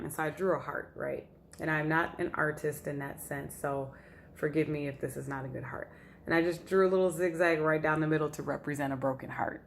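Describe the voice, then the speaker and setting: A woman's voice: deep voice, steady tone, fairly quick, vocal fry, a little hiss or hum. A woman life coach giving a casual teaching talk at a whiteboard, telling a client story in a chatty way. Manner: chatty storyteller who acts out quotes.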